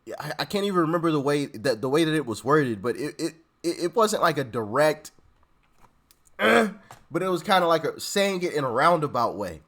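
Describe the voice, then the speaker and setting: A man's voice: a little high, big pitch swings, moderate pace, a bit bright. A man hosting a casual reaction commentary, rambling, stammering, repeating words and laughing often. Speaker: channel host reacting to clips.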